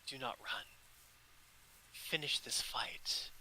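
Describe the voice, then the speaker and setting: Whispery, coaxing two-headed goddess, a male game master puts her on, bright tone, slow. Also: mid-range voice, slight background noise, heavily acted, poor audio. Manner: hushed whispery delivery.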